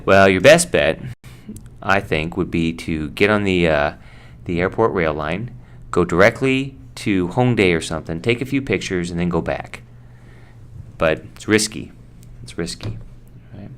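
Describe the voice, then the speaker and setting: An American man teaching English vocabulary in a relaxed, chatty way, with fillers and asides. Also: low voice, measured pace, smooth. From United States. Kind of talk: casual explanation.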